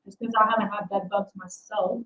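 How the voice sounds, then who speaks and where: A woman's voice: medium pitch, little pitch movement, brisk, bright, forceful tone, low-quality recording. A young adult woman hosting a casual livestream, rambling and self-deprecating as she chats with her viewers. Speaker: livestream host.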